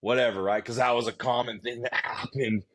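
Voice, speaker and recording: A man's voice: mid-range voice, steady tone, a little fast, fairly bright tone. A man from Utah telling his own life story as a podcast guest, speaking in an earnest, conversational way with frequent fillers and restarts. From Utah, USA. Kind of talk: candid storytelling.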